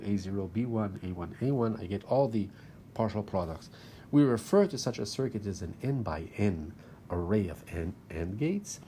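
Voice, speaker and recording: A man's voice: fairly low pitch, warm tone, a little hiss or hum. A man lecturing at university level, explaining step by step as he talks through drawings on slides.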